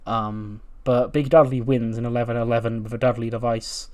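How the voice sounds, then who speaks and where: Guy narrating his wrestling sim run, chatty, mid pitch, keeps correcting himself. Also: flat delivery, brisk, darkish tone. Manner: chatty, laughs at own jokes, self-correcting. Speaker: game commentator.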